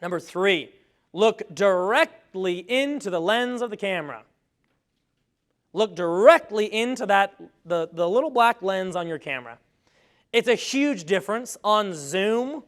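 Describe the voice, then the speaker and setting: A man speaking to a live audience about presenting on video, energetic and joking, with a self-deprecating humor. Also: high-pitched, measured pace. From grew up on a farm. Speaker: speaker on webinar marketing.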